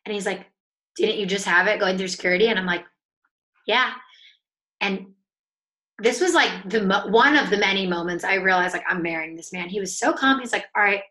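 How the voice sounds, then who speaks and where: A woman with a bright, clear voice, a guest on a podcast. She chats in an upbeat, lively way and acts out the dialogue of her story as she goes. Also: medium pitch, brisk. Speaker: author and coach, guest. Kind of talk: casual storytelling in a podcast interview.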